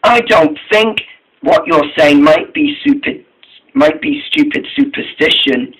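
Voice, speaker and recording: A man's voice: high-pitched, big pitch swings, measured pace, vocal fry, fairly bright tone, husky, recorded from a distance, voice pushed up, full character voice, rough recording. A man voicing a worried, proud female steam engine in a storybook tale. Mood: dismissive.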